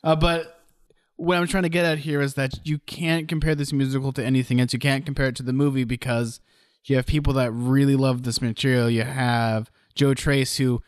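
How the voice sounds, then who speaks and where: A young man co-hosts a casual podcast chat, mid-pitched and recorded dry and close. He rambles, restarts his sentences and now and then acts out lines for effect. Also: little pitch movement, brisk, no room sound. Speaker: podcast co-host.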